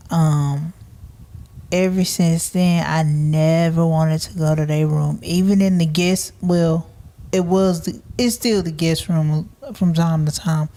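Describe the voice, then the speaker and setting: A young adult woman, a podcast guest, recalling past experiences slowly and matter-of-factly. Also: sits low, dark tone. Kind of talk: conversational recollection.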